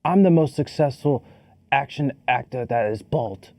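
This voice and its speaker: A man doing a comic impression of a gruff, bald British action hero, growling profane threats in a put-on British accent. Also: medium pitch, expressive, unhurried, dark tone, dry recording. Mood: menacing.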